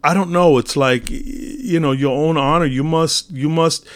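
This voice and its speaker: A man's voice: fairly high pitch, moderate pace. A man giving a casual, rambling monologue on spiritual teachings, telling a parable with many fillers and restarts.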